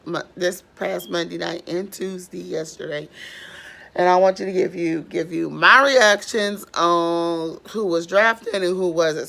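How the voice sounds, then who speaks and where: Slow, gravelly-voiced woman vlogger. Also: lowish voice, a bit bright. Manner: chatty, rambling, with many fillers. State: strained voice. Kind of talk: casual recap vlog.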